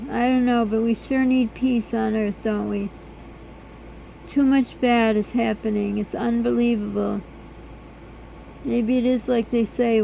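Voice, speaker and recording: A hoarse woman vlogging in an earnest, rambling, chatty way. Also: mid-range voice, mellow, a little hiss or hum, poor audio. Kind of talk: casual vlog chat.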